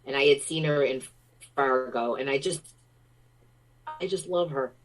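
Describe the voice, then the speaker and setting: A middle-aged American woman with a notably low voice talks as an interview guest. Her manner is effusive and enthusiastic, and her stories pour out in casual chat. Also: unhurried, rough recording.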